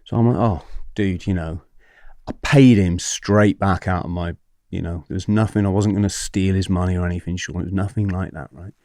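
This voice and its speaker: A man's voice: sits low, steady tone, brisk, darkish tone, dry recording, clean studio sound. A man in his forties telling a story as a podcast guest, acting out what other people said, swearing and laughing often.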